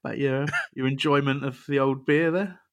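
Hosting a podcast panel in casual conversation, this man rambles and jokes, frequently poking fun at himself. His mid-range voice keeps a fairly even intonation at a moderate pace.

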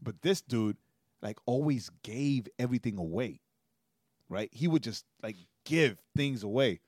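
A man's voice: mid-range voice, lively intonation, unhurried, darkish tone, dry recording, studio quality. A man co-hosting a podcast in a casual chat, telling stories and tagging nearly every sentence with a questioning "right?". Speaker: podcast co-host.

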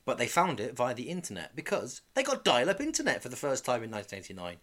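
Man, casual co-host, rambling, self-correcting, animated pitch. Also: fast. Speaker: podcast co-host. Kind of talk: casual chat.

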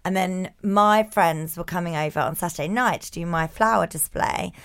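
Woman, thirties, podcast co-host, animated and sweary storyteller. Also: fairly low pitch, moderate pace, clear, resonant tone. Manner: animated storytelling, swears freely, acts out quotes. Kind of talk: casual chat.

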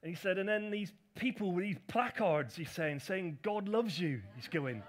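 A man's voice: sits high, lively intonation, normal speed. A middle-aged man, a pastor, telling a personal story in a chatty, self-deprecating sermon with asides to his congregation.

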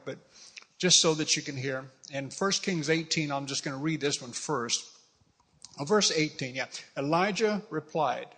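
A man preaching a sermon, reading scripture aloud and breaking off for lively, humorous asides to his congregation. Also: mid-range voice. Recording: long hall reverb.

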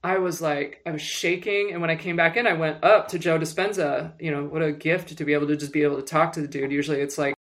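A woman's voice: deep voice, fast, few pauses. Candid woman telling a personal story. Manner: animated, frequent fillers and restarts. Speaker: guest, music publicist.

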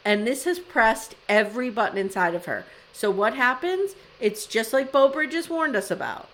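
A woman co-hosting a podcast, recounting scenes in casual, animated chat. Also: a little high, normal speed, rough recording. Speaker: podcast co-host.

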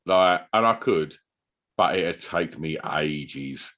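Lively, low-voiced man telling stories. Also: slow pace. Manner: rambling storyteller, swears casually. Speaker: podcast co-host. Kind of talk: casual chat.

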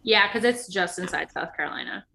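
A woman's voice: lowish voice, lively intonation, brisk, gravelly, bright, forceful tone. A woman in her thirties co-hosting a podcast, chatting casually and upbeat, with lots of fillers. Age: 30s. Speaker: podcast co-host. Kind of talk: casual chat. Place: podcast recording setup.

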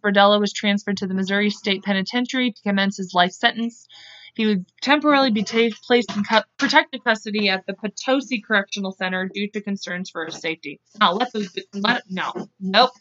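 A woman's voice: medium pitch, fairly bright tone, dry recording. A woman co-hosting a podcast, narrating a true-crime case casually from her notes, stumbling over words and laughing at herself. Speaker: podcast co-host. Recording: dull lo-fi dry sound.

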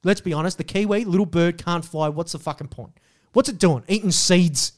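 High-voiced Australian man ranting. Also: fairly quick. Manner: ranting, heavy swearing, mock outrage. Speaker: podcast co-host. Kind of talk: casual podcast banter.

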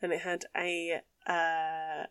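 A young woman co-hosting a podcast, telling a story in casual chat with animated delivery and frequent swearing. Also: fairly low pitch, slow, clear, resonant tone. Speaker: podcast co-host.

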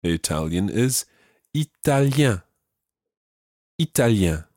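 A man hosting a podcast language lesson, patiently giving English phrases and repeating the answers slowly and clearly. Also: lowish voice, sing-song, a little mellow, no echo, studio quality. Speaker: language teacher host.

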